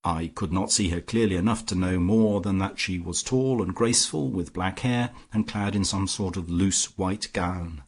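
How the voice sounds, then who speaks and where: A man reading a classic detective story aloud as an audiobook narrator, in a measured first-person telling. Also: low-pitched, husky. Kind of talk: scripted narration.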